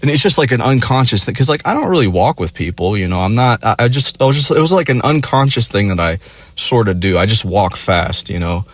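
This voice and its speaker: A man's voice: on the low side, animated, brisk, no echo. A young man telling a personal story in a crude, profane, rambling way, with lots of fillers. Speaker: vlogger. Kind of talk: casual storytelling.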